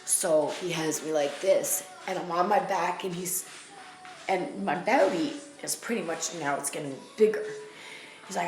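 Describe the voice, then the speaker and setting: Blunt New woman vlogger, low gravelly voice, emphatic and repetitive, echoey room with faint music. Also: a little slow. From the Bronx, New York. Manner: emphatic and blunt, repeating phrases for weight. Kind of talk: candid personal storytelling to camera.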